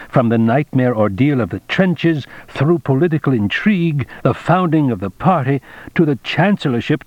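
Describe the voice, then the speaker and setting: A man reads a novel aloud as narrator, measured and dramatic. His pitch sits in the middle range. The recording is dry and close, with a dull, slightly lo-fi tone. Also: no room sound. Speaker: audiobook narrator. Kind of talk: scripted narration.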